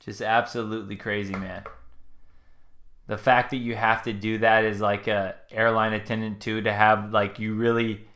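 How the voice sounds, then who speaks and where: A man's voice: on the low side, level tone, normal speed, a bit bright. A man hosting a live stream, talking casually and earnestly as he reacts to a video clip, rambling and trailing off. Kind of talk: casual commentary.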